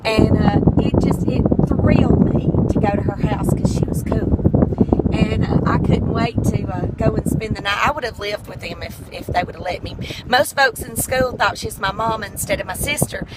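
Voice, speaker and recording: A woman's voice: medium pitch, normal speed, very noisy. A middle-aged woman, chatting in a folksy, heartfelt way. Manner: folksy and heartfelt, tearful at times. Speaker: vlogger. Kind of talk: casual chat.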